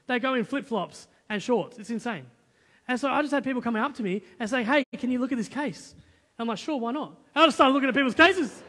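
A male pastor preaching a sermon, telling a personal story in a lively, conversational way with quoted dialogue. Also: very high voice. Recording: long church hall reverb.

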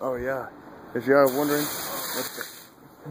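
A man's voice: medium pitch, normal speed. Rambling, cursing young man outdoors. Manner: profane, rambling, laughs often, gets animated retelling. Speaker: vlogger. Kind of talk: casual rambling vlog. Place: outdoors by a dog cage. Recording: noisy outdoor ambience.

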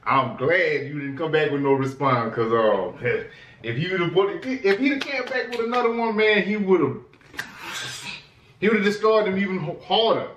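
A man hosting a casual reaction vlog, excitedly hyping things up with lots of repetition and laughter. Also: high-pitched, normal speed, dull audio, a little hiss or hum. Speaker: host reacting to music. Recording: echoey room, distant mic.

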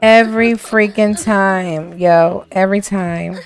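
A woman's voice: mid-range voice, fairly even intonation, slow pace. A woman commenting on her life-sim game as a let's play host, dramatic and slangy, full of exclamations and swearing.

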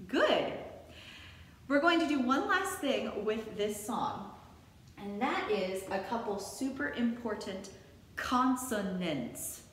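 A woman's voice: fairly high pitch, animated, slow pace, a bit bright. A woman teaching a song in call and response, singing lines for the class and then coaching how to pronounce the words. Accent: non-rhotic, drops the R. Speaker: music teacher. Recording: very echoey room with long reverb.

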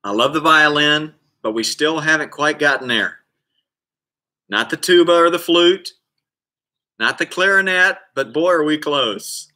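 Bright, upbeat male PE coach. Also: fairly high pitch, unhurried. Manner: upbeat, counts out reps and cheers on kids by name. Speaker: PE coach hosting a kids' class. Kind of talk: live online kids' exercise class.

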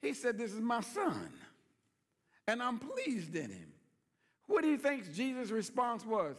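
A man's voice: high-pitched, big pitch swings, moderate pace, big-room sound. A man preaching as a pastor, folksy and playful, asking the congregation call-and-response questions. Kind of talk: sermon.

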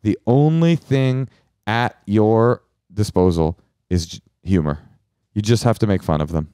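A man hosting a podcast, chatting casually and telling rambling, animated stories. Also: on the low side, unhurried, clean tone, dry recording, clean studio sound. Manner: rambling, animated storytelling with restarts. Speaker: podcast host. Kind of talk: casual comedic chat.

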